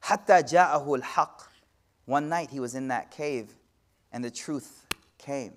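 A man giving a sermon-style lecture as an Islamic teacher, swinging from hushed to loud, with slangy asides and rapid Arabic recitation. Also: medium pitch. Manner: slangy, addresses audience directly.

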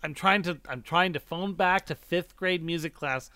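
Bright-voiced man in laughing banter. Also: a little high, normal speed, smooth, no room sound. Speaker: podcast co-host. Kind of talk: casual chat.

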